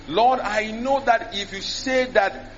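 A preacher, speaking animatedly into a handheld mic, often mimicking prayers and repeating words. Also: male voice, sits high, fairly even intonation, slow pace, a bit bright. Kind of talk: sermon. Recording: dull lo-fi sermon recording.

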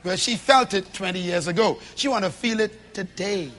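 A man preaching a sermon to a church congregation, emphatic, with loud bursts and low asides. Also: normal speed, slight background noise.

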